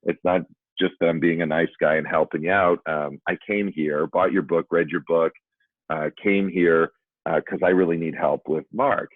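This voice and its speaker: Very low male voice, dry phone-like narrow audio, self-deprecating storyteller. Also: fairly even intonation, moderate pace, no echo. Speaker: former school principal telling a story. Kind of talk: storytelling talk for educators.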